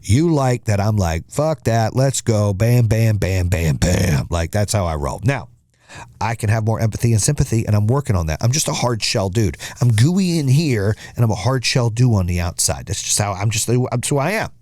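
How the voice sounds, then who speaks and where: Man, middle-aged, podcast host, motivational monologue, blunt and profane, lowish mellow voice, dry sound. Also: animated, moderate pace, no echo. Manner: blunt, profane, punchy advice.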